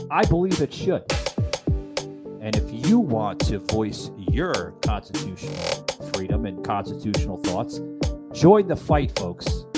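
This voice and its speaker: A man hosting a political podcast in a fervent style, repeatedly calling his listeners folks. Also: medium pitch. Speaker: podcast host.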